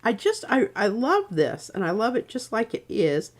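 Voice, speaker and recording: A woman with a fairly high voice whose pitch swoops wildly chats casually during a livestream craft demo. She thinks aloud as she works, speaking haltingly and often trailing off mid-sentence.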